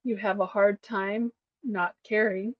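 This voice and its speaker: A woman co-hosting a casual podcast who talks softly and reads through a list, relating each point to herself. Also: mid-range voice, steady tone, measured pace, dry recording, muffled recording. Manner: soft-spoken, reads points then relates them to herself. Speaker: podcast co-host. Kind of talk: casual chat, reading a list aloud.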